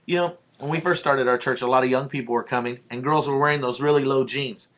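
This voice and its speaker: A man's voice: mid-range voice, fairly even intonation, quick pace, a bit bright. Blunt, plainspoken male pastor. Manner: blunt and plainspoken, with a conversational storytelling tone. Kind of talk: informal talk about church.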